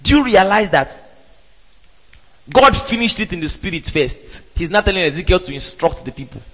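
A man preaching a sermon in an emphatic way, with rhetorical questions and sudden loud exclamations. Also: high voice, expressive, normal speed. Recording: reverberant hall.

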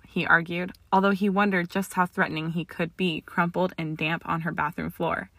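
A woman narrating a story aloud in a steady, expressive audiobook reading. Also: fairly low pitch, moderate pace, gravelly, few pauses, no room sound. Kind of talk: audiobook reading of fan fiction.

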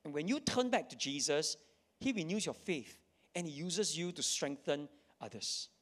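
A man's voice: on the high side, animated, normal speed, fairly bright tone. A man preaching a sermon to a live audience, reading scripture dramatically and repeating key lines for emphasis. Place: church in front of an audience.

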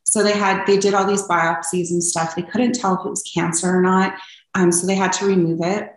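Speaking fairly quickly in a medium-pitched, level tone, this young woman from Canada recounts her own story as an interview guest. She comes across as earnest and open, with plenty of ums. The recording has an echoey room sound.

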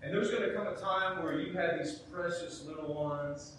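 A middle-aged pastor preaching, his slightly high voice pressing hard with rhetorical questions and little acted-out asides. He is heard from a distance in a very echoey hall, a faint rumble underneath. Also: fairly even intonation, moderate pace, hardly any pauses. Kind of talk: sermon.

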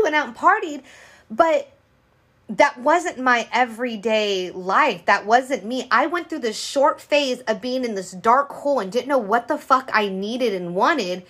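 A woman's voice: a little high, animated, moderate pace, a bit bright. Frank, profane woman chatting on a podcast. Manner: frank, profane, rambling with many restarts. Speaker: podcast co-host. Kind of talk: candid casual chat.

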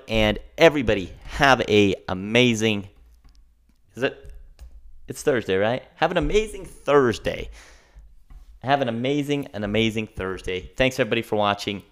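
A young man hosting his own podcast, talking off the cuff in an excitable, rambling rush. His voice sits somewhat low for a man, and he jumps from one thought to the next. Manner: rambling, excitable, self-described fast talker. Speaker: podcast host. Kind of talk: casual solo podcast rant.

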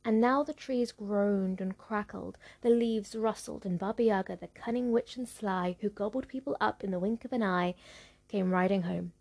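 Gravelly woman reading a folktale. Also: medium pitch, a little mellow. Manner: measured, rhythmic. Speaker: narrator. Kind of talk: storybook reading.

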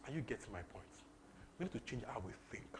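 A young man from Nigeria with a Nigerian English accent, preaching a lively sermon that repeats phrases and slips into pidgin. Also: mid-range voice, fast talker, a little hiss or hum. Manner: animated, repetitive, breaks into laughter and pidgin.

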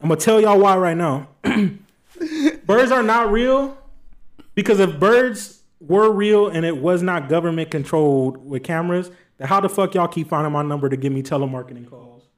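A young man co-hosting a podcast, telling stories in a casual, animated way and joking around with lots of swearing. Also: a little high, brisk, few pauses. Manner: animated storytelling, swearing, playful rants. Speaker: podcast co-host. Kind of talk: casual chat.

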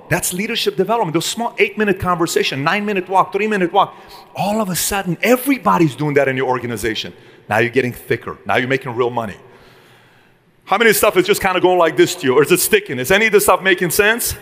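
A middle-aged man giving an energetic motivational talk to a live audience, firing rhetorical questions at the room. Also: high-pitched, quick pace. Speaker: business speaker.

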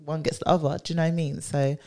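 Woman, London accent, slightly low voice, chatty podcast co-host, casual talk. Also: flat delivery, racing, mellow. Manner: chatty, peppered with "like". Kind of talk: casual chat.

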